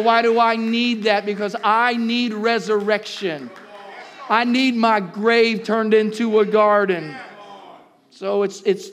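A man preaching a sermon as pastor, swinging between loud shouts and low, quiet stretches, repeating words and calling out to the congregation. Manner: impassioned preaching, rising to shouts and dropping low.

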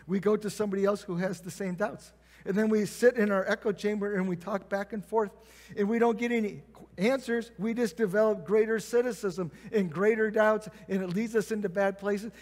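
A man preaching a conversational sermon, acting out quoted prayers and replies. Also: high-pitched. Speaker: pastor. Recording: long reverb of a church hall.

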